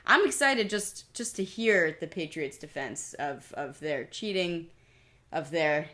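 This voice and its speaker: A young adult woman co-hosting a podcast in casual chat, with a dry, deadpan, sarcastic delivery. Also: deep voice, slow pace. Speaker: podcast co-host.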